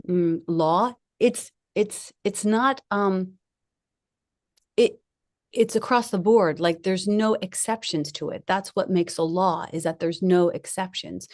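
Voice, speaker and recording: A woman's voice: mid-range voice, no echo, clean studio sound. A middle-aged woman giving a spiritual talk, chatty and laughing often as she tells personal stories. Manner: chatty, laughing, lively storytelling. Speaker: guest speaker.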